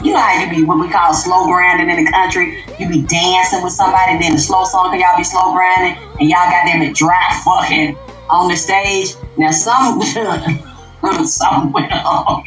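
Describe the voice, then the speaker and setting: A low-pitched woman is ranting on a livestream, profane and emphatic. She drops into low mutters and then bursts out loud. Her voice bounces around an echoey room while faint music plays underneath. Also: steady tone, moderate pace. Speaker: livestream host. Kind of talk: unscripted livestream rant.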